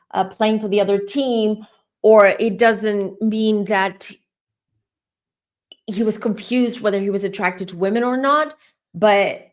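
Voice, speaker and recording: A middle-aged woman hosts a live tarot reading. She talks in a loose, rambling way and is openly emotional. Her voice sits in an ordinary middle pitch. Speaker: tarot reader.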